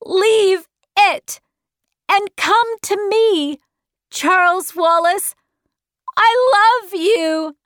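A woman's voice: very high voice, drawn-out words, fairly bright tone, no room sound, clean studio sound, voice pushed up, full character voice. A woman voicing a teenage girl who pleads with emotion in a storybook reading. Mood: pleading. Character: teenage girl, desperate and loving.

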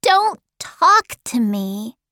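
A woman voicing a young boy who speaks coldly and slowly in an audiobook. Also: a little high, sing-song, sharp tone, no room sound, clean studio sound, heavily acted. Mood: eerie, cold. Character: young boy, cold and eerily calm, under an evil power. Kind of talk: audiobook character voice.

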